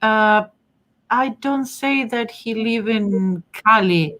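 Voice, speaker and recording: Hosting a relaxed live session, a woman who teaches face reading chats loosely, reading viewer comments and answering as she goes. She has a strong non-native English accent and a high, pushed, bright voice, and she takes her time.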